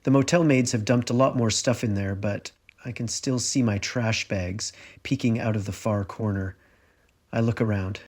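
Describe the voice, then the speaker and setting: A man's voice: medium pitch, darkish tone. A middle-aged man reading his own memoir aloud in a wry, confessional first-person telling. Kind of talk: audiobook narration.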